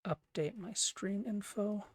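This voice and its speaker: Quiet late-night streamer, slow talk. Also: mid-range voice. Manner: quiet, subdued. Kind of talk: casual live-stream chat. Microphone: desk mic.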